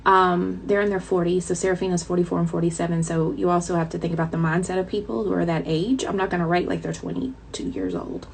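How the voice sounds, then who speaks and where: Gravelly-voiced chatty Southern-tinged woman. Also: lowish voice, flat delivery, quick pace, hardly any pauses, slight background noise, low-quality recording. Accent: light Southern twang. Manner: chatty, dramatic, addresses viewers as y'all. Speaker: author. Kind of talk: casual chat to viewers.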